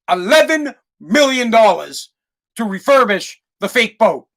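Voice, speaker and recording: This time the thirty-something host's voice is high-pitched and gravelly with a fairly bright tone. His comedic rant on the podcast is heated, profane, and repetitive, full of restarts.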